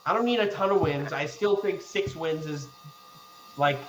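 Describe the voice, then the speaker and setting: A man co-hosting a podcast, telling sports stories in a casual, excitable way and swearing freely. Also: a little high, moderate pace, roomy sound, rough recording. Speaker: podcast co-host.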